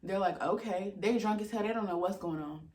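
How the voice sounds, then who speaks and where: Speaking fairly quickly at medium pitch, a young vlogger casually retells a frustrating story, and the sound is roomy. She's animated and exasperated, voicing many quoted lines and cursing throughout.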